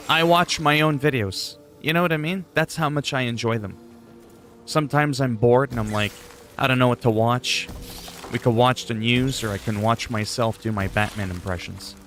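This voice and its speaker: A man's voice: medium pitch, fairly bright tone. A man chatting casually on a gaming livestream, rambling and goofy, often poking fun at himself. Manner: rambling, goofy, self-deprecating.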